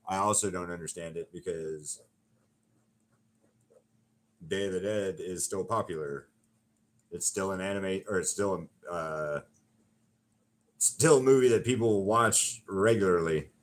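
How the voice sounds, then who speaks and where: Very deep-voiced middle-aged man rambling. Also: clean tone, no room sound. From Alabama, USA. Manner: rambling, swears freely, talks straight to chat. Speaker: painter talking to viewers on a livestream. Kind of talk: casual livestream chat.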